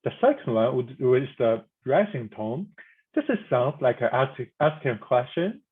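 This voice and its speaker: Slow halting man teaching pronunciation. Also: medium pitch, very animated, breathy edge, phone-quality sound. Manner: slow, halting, frequent restarts and repeated demonstration sounds. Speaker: language instructor. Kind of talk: pinyin pronunciation lesson.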